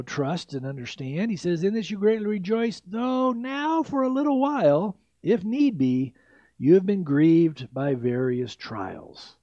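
Pastor preaching, kinda high voice, mellow tone, stretches his words out. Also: no echo. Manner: preaching with emphatic swells and drawn-out phrases. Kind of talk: sermon. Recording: dull lo-fi sound.

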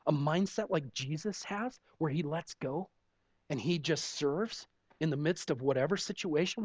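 A man's voice: a little high, dry recording. A man preaching a conversational sermon, telling candid, self-deprecating stories from daily life and peppering them with "you know". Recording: dull lo-fi dry recording.

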